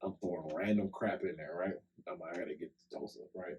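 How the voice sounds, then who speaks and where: A very low-voiced young man talks into a podcast mic. His storytelling is loose and chatty, with a "like" or a "right?" every few words. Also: fairly even intonation, quick pace, darkish tone, dull audio, slight background noise. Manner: loose, conversational, many "like" and "right?" fillers. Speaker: podcast co-host. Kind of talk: casual storytelling chat. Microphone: podcast microphone.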